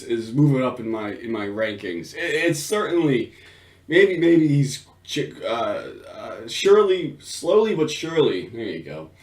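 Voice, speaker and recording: A man giving casual reaction commentary on a video, swearing freely, laughing often and restarting his sentences. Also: medium pitch.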